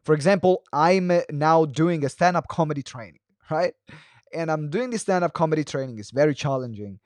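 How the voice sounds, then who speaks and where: Higher-voiced fast-talking male coach. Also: animated, a little mellow, dry recording. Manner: fast talker who varies pace and pitch; frequent fillers and restarts. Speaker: speaking coach. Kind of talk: live webinar teaching.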